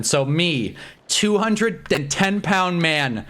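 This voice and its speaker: A young man whose speaking voice sits a little high, telling a story on his stream while he plays. He rambles and restarts, swears without a second thought, and sounds exasperated and animated as he tells it. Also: takes it slowly. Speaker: live streamer.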